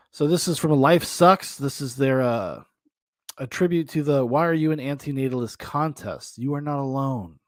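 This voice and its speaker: A man's voice: mid-range voice, no room sound, clean studio sound. A man hosting a podcast, mocking clips in casual, profane commentary with laughing asides. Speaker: podcast host. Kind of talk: casual commentary on videos and chat.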